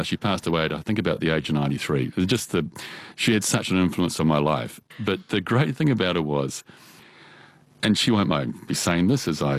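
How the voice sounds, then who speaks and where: A man with a New Zealand accent, an opera singer, telling stories from his early life in a relaxed, chatty way with frequent laughs. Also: sits low, no echo. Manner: chatty, laughs often, animated quoting. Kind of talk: relaxed storytelling.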